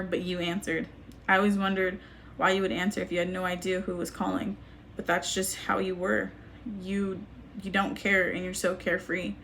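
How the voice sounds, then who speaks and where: A young woman reading a personal letter aloud to camera, halting and grieving, with frequent restarts. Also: fairly low pitch, vocal fry, a bit bright, a little hiss or hum. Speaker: vlogger.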